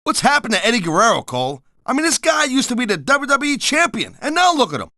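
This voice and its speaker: Gruff wisecracking wrestling color man. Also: extremely high pitch, wildly swooping pitch, fast, pushed and bright, no echo, studio quality. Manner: gruff tough-guy slang, blunt and wisecracking. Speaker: color commentator. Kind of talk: pro wrestling video game commentary.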